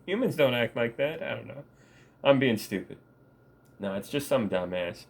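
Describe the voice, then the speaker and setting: A man's voice: mid-range voice, animated, normal speed, gravelly, breathy edge. A man vlogging in a casual, rambling monologue, profane and laughing often.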